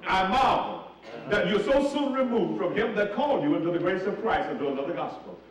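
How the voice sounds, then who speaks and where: Animated preacher in an echoey church. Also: male voice, sits high, fairly quick. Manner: call-and-response preaching, asks the congregation to finish lines. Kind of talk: sermon. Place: church sanctuary with a congregation. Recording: echoey church recorded from a distance. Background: congregation responding.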